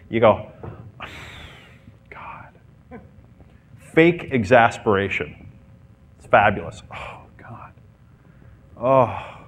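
Man, dating coach, playful seminar talk, acts out scenes, middle pitch. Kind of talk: seminar talk to a live group.

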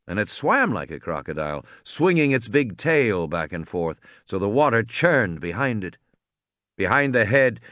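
A man narrating a story aloud, expressive, doing voices for the characters. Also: on the low side, dry recording, studio quality. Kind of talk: audiobook reading.

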